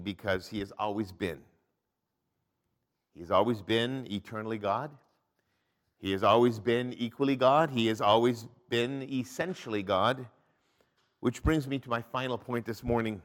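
A male pastor delivers a sermon, reading scripture aloud as his voice swings between loud emphasis and hushed, low drops.

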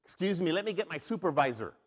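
A man voicing an officious angel at heaven's check-in desk, asking brisk questions. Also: a little high, big pitch swings, husky, pitched above the performer's own voice. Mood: incredulous.

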